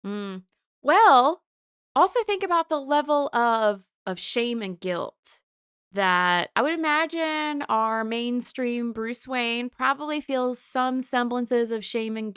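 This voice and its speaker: A woman talks through a comic's themes with a thoughtful, analytical manner. Her voice is smooth and clear, and it is recorded close and dry with no room sound. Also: on the high side, fairly bright tone, dry recording. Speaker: podcast co-host. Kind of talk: casual discussion of comics and psychology.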